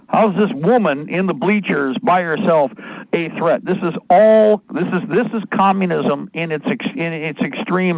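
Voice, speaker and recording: A man's voice: on the high side, vocal fry, no echo. A man hosting a live radio talk show, ranting angrily and rambling in a profane, combative way. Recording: tinny phone-like dry sound.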